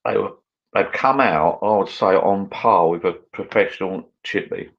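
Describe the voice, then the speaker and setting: A man's voice: deep voice, moderate pace, muffled recording. A British man hosting a casual live stream, chatting loosely and reading viewer comments aloud as he drinks. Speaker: channel host.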